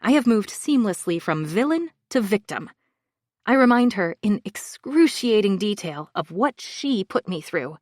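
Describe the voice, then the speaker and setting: A woman narrates a thriller audiobook in the first person, in an intimate, confessional way. Her pitch moves a lot, and the recording is dry and close with no room sound. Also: very animated, measured pace, a little mellow, no echo.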